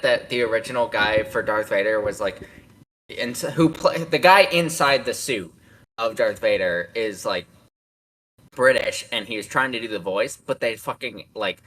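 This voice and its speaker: A man's voice: lowish voice, a bit bright, rough recording. A young man hosting a casual podcast chat, who rambles with lots of fillers, swearing and frequent laughter. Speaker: podcast host.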